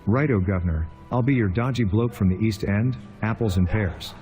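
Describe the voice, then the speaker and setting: A computer-made man's voice plays a game drone AI with a London accent, acting the cheeky rogue. It is chummy and full of slang, pitched low, with music under it. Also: moderate pace, warm tone. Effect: synthetic text-to-speech voice.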